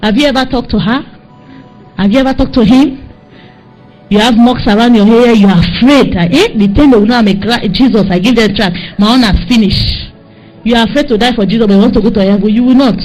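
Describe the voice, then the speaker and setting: A woman's voice: a little high, a little fast, a little mellow, faint music behind, poor audio. A woman with a Nigerian accent preaching a sermon, scolding and exhorting her listeners with insistent repetition.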